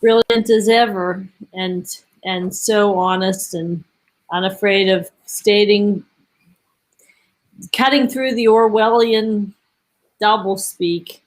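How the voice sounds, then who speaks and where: A woman speaks as a guest in a casual panel discussion, with a voice of ordinary middle pitch. She talks earnestly and restarts her sentences as she works through her point. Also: fairly even intonation, low-quality recording. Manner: earnest, quick, self-correcting.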